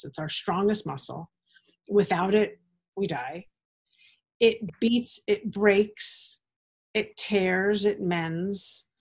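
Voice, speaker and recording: A woman interviewer with an average-pitched voice answers her guest earnestly. She speaks in a measured way, with soft, emphatic pauses. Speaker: podcast host. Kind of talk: reflective interview response.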